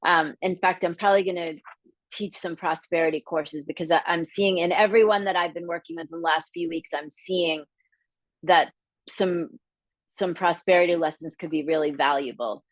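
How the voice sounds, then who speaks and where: A middle-aged woman from the area, teaching a live masterclass in a candid, lively way, acting out the voices she quotes. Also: fairly low pitch, normal speed, no room sound. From Boston area, Massachusetts. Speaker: business coach.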